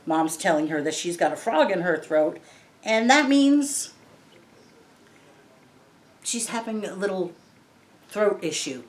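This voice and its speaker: Reading a picture book to children, a woman patiently explains every word simply, speaking animatedly but at a slow pace with long pauses. Her voice sits in the mid range. The read-aloud lesson is recorded with a roomy echo.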